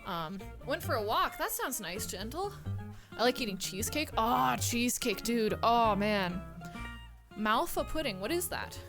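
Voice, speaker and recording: A woman's voice: fairly high pitch, big pitch swings, measured pace. A young woman streaming a game, chatting playfully with her viewers and joking at the screen. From not American. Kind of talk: casual live-stream chat while gaming. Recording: music playing behind. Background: background music.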